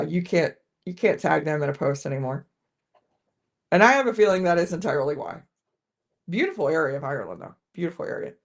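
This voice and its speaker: Lowish-voiced woman doing a casual whiskey livestream, chatty, lots of restarts. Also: vocal fry. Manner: chatty, restarts sentences often, greets viewers. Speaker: host of a live whiskey tasting stream. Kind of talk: casual live-stream chat.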